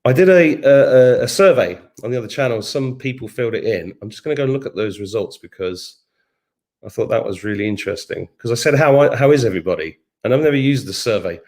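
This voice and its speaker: A middle-aged man talking casually on a live stream from his kitchen, his voice at an ordinary middle pitch. He rambles through viewer comments in a loose, chatty way and hums little tunes to himself while he scrolls. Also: lively intonation, fast, darkish tone. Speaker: livestream host. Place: home kitchen.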